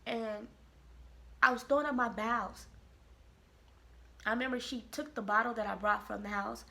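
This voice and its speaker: A woman from Kansas City, telling a personal story to camera in a lively, expressive way. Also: fairly high pitch, normal speed, vocal fry. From Kansas City, Missouri. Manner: animated, expressive storytelling with quoted voices. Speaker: vlogger. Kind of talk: casual storytelling.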